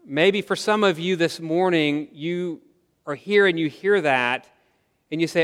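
Guy preaching a sermon, kinda high voice, talks to the congregation like a conversation, long church reverb. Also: measured pace, a bit bright. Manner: earnest, conversational, asks the congregation questions. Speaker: pastor. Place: church sanctuary.

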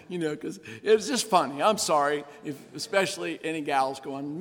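A man's voice: on the high side, fairly quick. A male pastor delivering an earnest, emphatic sermon full of rhetorical questions. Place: church. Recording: reverberant church sanctuary.

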